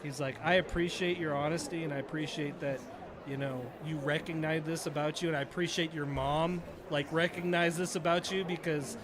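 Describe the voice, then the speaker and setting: A man's voice: a little high, fairly even intonation, fairly quick, background noise. A middle-aged man, a retired Navy chief, casually telling a story on a podcast and acting out the dialogue.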